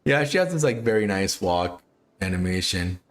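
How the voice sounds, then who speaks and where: A man's voice: deep voice, animated, normal speed, faint music behind. A man hosting a livestream, chatting casually and repetitively with frequent chuckles. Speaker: livestream host.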